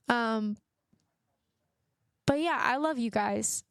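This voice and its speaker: A young woman talks alone into a close mic for her podcast, earnest and encouraging, drifting through fillers as she goes. Her fairly high voice carries a steady gravelly fry, and the recording is dry with no room sound. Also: slow, pauses often, no room sound. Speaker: podcast host. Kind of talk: solo podcast monologue.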